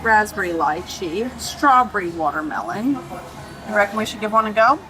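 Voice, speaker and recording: A woman's voice: mid-range voice, animated, moderate pace, music in the background. A woman hosting a travel vlog, chatting playfully while tasting cake in a cafe. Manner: chatty, playful, talks with mouth full. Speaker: travel vlogger host. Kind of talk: casual chat while tasting food. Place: cafe, standing. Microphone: clip-on microphone.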